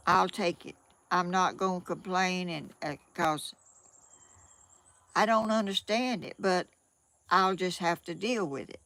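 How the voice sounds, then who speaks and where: A woman's voice: medium pitch, fairly bright tone. An older woman from Georgia with a Southern accent, rambling in a casual home vlog and often repeating herself. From Georgia, USA. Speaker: vlogger.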